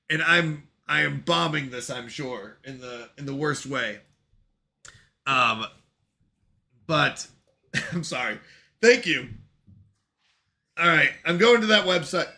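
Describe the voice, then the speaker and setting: A male streamer talks casually to his audience with an excitable manner and frequent laughter. His voice sits high and jumps around in pitch. The tone is very bright. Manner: excitable, laughs often, exclaims at himself. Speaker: live-stream host. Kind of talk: casual live-stream chat.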